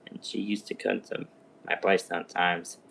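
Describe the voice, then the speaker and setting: A man doing a mopey tearful guy, low and soft. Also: level tone, normal speed, gravelly, husky, exaggerated voice. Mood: sad. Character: tearful young man grieving a cat.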